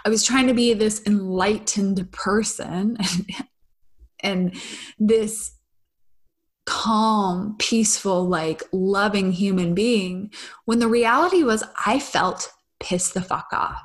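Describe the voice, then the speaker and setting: A woman's voice: medium pitch, slow pace. A young woman sharing a personal story with her audience in a confessional, casual way, swearing freely and often asking "right?". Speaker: spiritual vlogger.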